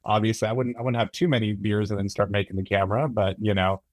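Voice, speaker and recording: A man's voice: fairly low pitch, level tone, fast, dry recording. A man appearing as a podcast guest, chatting casually and explaining at length with agreeable fillers and restarts. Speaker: camera product manager guest. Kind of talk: casual interview chat.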